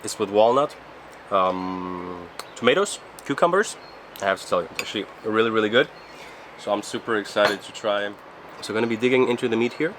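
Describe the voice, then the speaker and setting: A man's voice: lowish voice, brisk, fairly bright tone, slight background noise. Chatty upbeat travel vlogger man. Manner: chatty, upbeat, loose self-corrections. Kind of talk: casual travel vlog.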